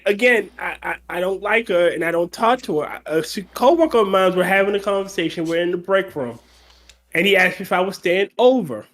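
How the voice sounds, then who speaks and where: Man telling a halting work story. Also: high voice, animated, a bit bright. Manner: halting, profane storytelling with restarts. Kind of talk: casual storytelling chat.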